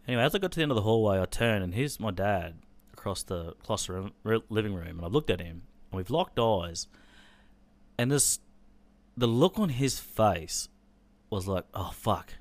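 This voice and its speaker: A man, telling a painful personal story on a podcast in a halting, sombre way, with swearing. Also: on the low side, expressive. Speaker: podcast host.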